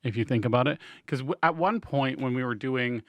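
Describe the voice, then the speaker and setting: A man co-hosting a podcast in casual chat, dropping dry, deadpan quips. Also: medium pitch, a little fast, dry recording. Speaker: podcast co-host.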